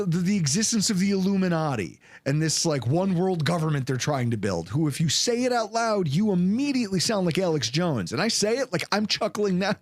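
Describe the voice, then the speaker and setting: A man's voice: sits high, no room sound. A man hosting a sports podcast, ranting in a casual, sarcastic way. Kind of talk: casual sports talk rant.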